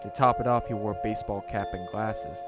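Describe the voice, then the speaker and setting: A man reading a horror story aloud in a slow, deliberate narration. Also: fairly low pitch, fairly even intonation, over loud music.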